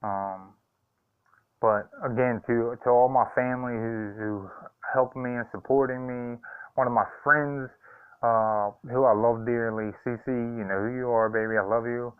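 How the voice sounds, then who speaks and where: A man's voice: mid-range voice, fairly even intonation, a little slow, smooth, dry recording. A man talking casually to his viewers in a hesitant, heartfelt way, with many ums and uhs. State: choked up. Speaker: vlogger. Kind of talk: casual vlog talk. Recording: tinny phone-like sound.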